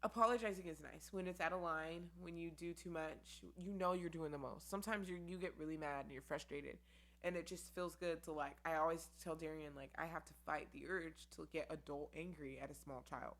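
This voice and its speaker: A woman's voice: low-pitched, fairly even intonation, a little fast. A woman hosting her own solo podcast in a casual chat, candid and rambling, with lots of "um" and "like". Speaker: podcast host. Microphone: camera with mic.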